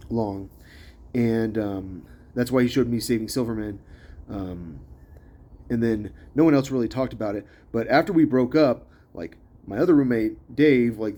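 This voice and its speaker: Rambling young man, mellow voice. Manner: hesitant, full of likes and ums, restarts; grows louder and higher when agitated. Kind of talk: rambling personal monologue.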